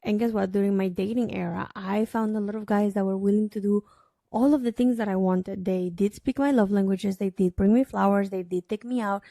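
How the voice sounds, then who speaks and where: A woman's voice: mid-range voice, vocal fry, warm tone, no room sound, clean studio sound. A woman hosting her own solo podcast, talking in a chatty, emphatic way straight to the listener. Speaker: podcast host. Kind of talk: casual solo podcast monologue.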